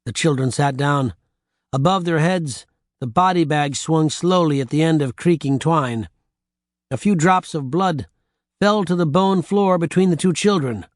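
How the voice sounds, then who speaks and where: A man narrating an audiobook with lively storytelling on a close studio mic. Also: fairly high pitch, unhurried, dry recording.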